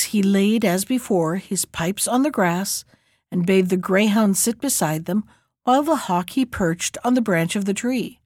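A woman narrating a fairy tale in a steady, measured reading. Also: medium pitch, no echo, clean studio sound. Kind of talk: storybook reading.

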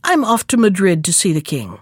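A woman's voice: medium pitch, huge pitch swings, fairly quick, no echo, studio quality. A woman voicing a boastful, rude young male chick in a storybook reading, with a cocky, scornful manner.

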